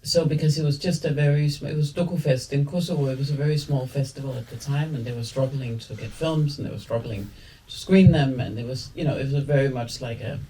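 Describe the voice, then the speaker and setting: A woman's voice: extremely low pitch, fast talker, hardly any pauses, warm tone, far from the mic, slight background noise. A woman from Denmark, a film director talking at a screening in a cinema hall, rambling and self-mocking, often laughing. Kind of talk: guest talk after a screening.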